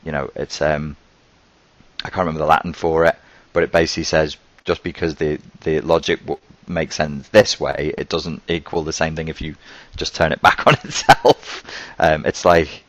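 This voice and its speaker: A man explaining a topic in casual talk, thoughtful and halting, often pausing to search for words. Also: rumbling low, fairly even intonation, a bit bright, dry recording, rough recording.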